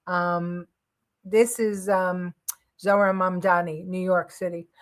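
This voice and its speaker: A woman's voice: lowish voice, fairly even intonation, slow pace. A woman hosting a live news talk show, giving blunt, heated opinion commentary with frequent ums and uhs.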